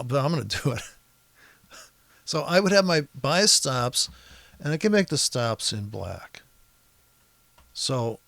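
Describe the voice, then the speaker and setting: A man's voice: mid-range voice, creaky, a bit bright, no echo. A man walking through a trading chart in a profane, exasperated, rambling rant. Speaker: trading educator. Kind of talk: profane ranting chart walkthrough.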